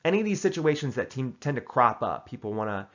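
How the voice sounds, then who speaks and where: A man delivers joking life advice as if it were dead serious, keeping a deadpan, matter-of-fact tone. His voice sits at an ordinary middle pitch. The recording sounds a little dull and lo-fi. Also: fast talker. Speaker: host giving tongue-in-cheek advice. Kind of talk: casual comedic advice monologue.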